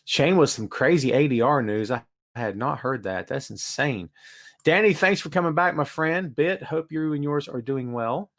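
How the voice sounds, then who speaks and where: A man's voice: medium pitch, normal speed, fairly bright tone. A man hosting a casual live-stream podcast from his home studio, chatting and greeting viewers by name. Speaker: podcast host.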